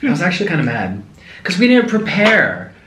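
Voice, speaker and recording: A man chats and tells stories in an animated, lively way, his voice swinging up and down. He sits back from the mic in a roomy, echoing space, with a faint hiss behind him. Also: high voice, a little fast. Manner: chatty, animated storytelling. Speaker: vlogger. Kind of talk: casual chat. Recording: echoey room, mic at a distance.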